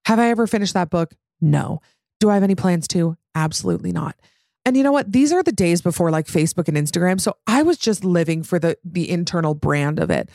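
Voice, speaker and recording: Chatty woman in her 30s reading listener stories on her podcast, low-ish fry-y voice, super dry close sound. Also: no echo. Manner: chatty and animated, with quick asides. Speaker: podcast host.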